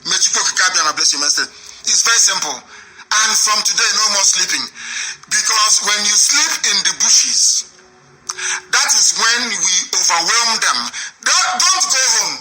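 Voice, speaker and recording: A man hosting a radio call-in show, speaking in a forceful, rallying way and repeating phrases for emphasis. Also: sits high, normal speed, slight background noise, low-quality recording. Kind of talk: fiery radio call-in talk.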